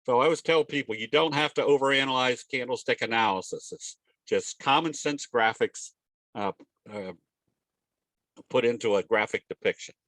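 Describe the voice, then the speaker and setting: A man's voice: mid-range voice, normal speed, a bit bright, dry recording. A man giving a casual trading webinar in a folksy, storytelling way, with frequent restarts. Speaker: trading educator presenting a webinar.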